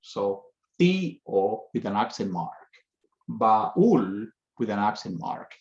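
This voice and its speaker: A man teaching a language lesson, explaining step by step with slow, careful pauses. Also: on the low side, sing-song, creaky, a little mellow. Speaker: Spanish teacher. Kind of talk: lecture. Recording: echoey room, dull lo-fi sound.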